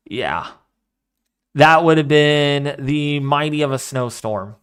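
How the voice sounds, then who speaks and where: A man hosting a live weather stream, talking casually and excitably, rambling off into asides while reading the models and the chat. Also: on the high side, slow pace, clean tone. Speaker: weather livestream host.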